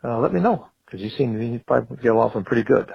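Male radio caller, hesitant and meandering, husky and gravelly, muffled phone line. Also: medium pitch, expressive, very fast. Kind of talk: call-in question.

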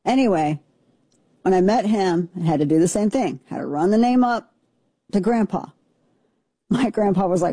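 A woman's voice: medium pitch, expressive, moderate pace, long pauses, warm tone, no echo. A woman in her forties, co-hosting a casual on-air chat, telling stories with self-mocking asides. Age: 40s. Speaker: radio show co-host.

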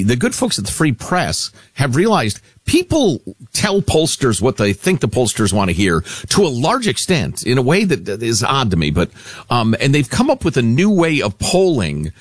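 A man's voice: mid-range voice, dry recording. A man co-hosting a talk radio show, chatting wryly about politics and teasing upcoming segments. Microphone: studio microphone.

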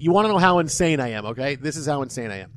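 High-voiced excitable man telling stories. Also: racing, a little hiss or hum. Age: 30s. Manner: excitable storyteller, acts out quotes, drops to mutters. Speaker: sports talk co-host. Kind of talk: animated sports chat.

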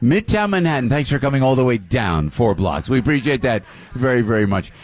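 A man's voice: mid-range voice, big pitch swings, brisk. An older man hosting a live radio show from a venue, boisterously working the crowd and greeting audience members. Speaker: radio host.

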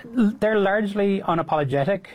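A man with a slightly higher voice answers questions as a TV news reporter. He speaks in a measured, hedging way with frequent fillers. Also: animated, darkish tone.

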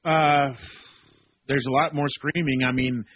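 A male sports reporter calling in as a guest on a radio show, talking in a rambling, animated way with many fillers. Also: medium pitch, measured pace, breathy edge, no echo. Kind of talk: phone-in radio interview. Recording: dull, dry lo-fi guest line.

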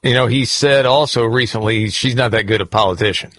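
A man hosting a talk show, leading the table in a relaxed, conversational way. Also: mid-range voice, brisk, no echo, clean studio sound. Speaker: host. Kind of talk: casual talk show chat.

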